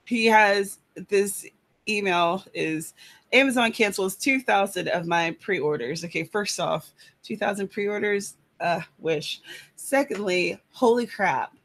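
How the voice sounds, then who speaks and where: A woman's voice: fairly low pitch, a bit bright. A woman writer, chatting casually to her live-stream viewers from her apartment, rambling with lots of fillers. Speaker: writer hosting a live chat. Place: apartment room.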